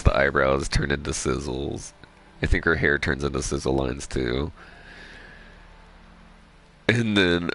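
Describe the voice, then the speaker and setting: A man chatting casually over gameplay, rambling excitedly and swearing freely. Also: very deep voice, creaky. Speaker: gaming streamer.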